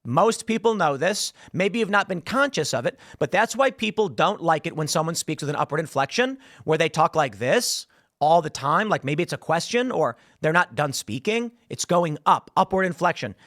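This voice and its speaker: A man hosts a political commentary show in a high, very lively voice that swings up and down. He riffs with sarcastic asides. The sound is close and dry. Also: normal speed, hardly any pauses, no echo. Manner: animated, sarcastic, riffing asides. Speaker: host.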